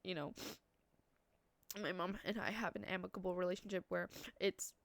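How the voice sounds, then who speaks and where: A woman's voice: lowish voice, moderate pace, vocal fry, no room sound. A nineteen-year-old woman vlogging about her family in a rambling, confessional way, full of "like" and "you know". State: tearful, voice breaking. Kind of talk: personal vlog confession.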